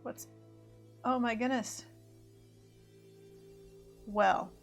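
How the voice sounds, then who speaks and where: A woman's voice: fairly high pitch, fairly even intonation, extremely slow, creaky. A woman chatting casually on a livestream, rambling and correcting herself, slipping into mock race commentary. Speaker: streamer. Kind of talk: casual livestream chat while drawing. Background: faint music.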